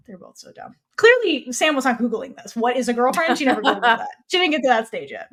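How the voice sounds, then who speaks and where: A woman co-hosting a podcast in casual chat, animated, acting out characters' lines with sudden jumps in pitch. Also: fast, hardly any pauses. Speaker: podcast co-host.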